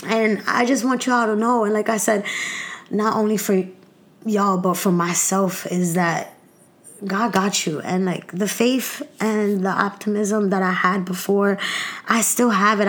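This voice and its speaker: A young woman with a New York accent hosting a personal podcast monologue, talking candidly and emotionally, close to tears, with many fillers and restarts. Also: medium pitch. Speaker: podcast host.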